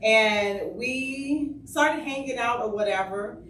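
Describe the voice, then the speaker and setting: Slow-talking woman in a roomy room. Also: a little high, a bit bright, a little hiss or hum. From Chicago. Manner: laughs often, drawn-out and offhand. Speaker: podcast co-host. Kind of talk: casual comedic chat. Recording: roomy sound, mic at a distance.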